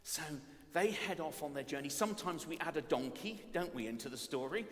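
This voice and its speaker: A man preaching at a playful family service, animated and self-mocking as he tells the story. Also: a little high, a little fast. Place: church. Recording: long reverb of a church hall.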